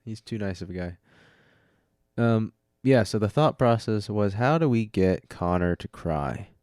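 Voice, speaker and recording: A yawning man hosting a solo podcast, talking in a loose, rambling way with a deep voice. He keeps laughing at his own jokes and catching himself mid-thought. The sound is dry and close, recorded at home on a desk mic. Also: lively intonation, unhurried, a little mellow, smooth, dry recording. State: sleepy, yawning. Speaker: podcast host. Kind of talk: casual solo podcast talk. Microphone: studio mic with audio interface.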